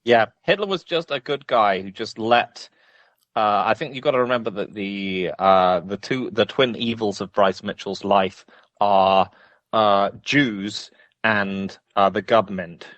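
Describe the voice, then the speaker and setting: A man co-hosting a podcast in casual chat, wry and halting with many fillers. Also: fairly low pitch, fairly bright tone, no echo, highs cut off. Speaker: podcast co-host.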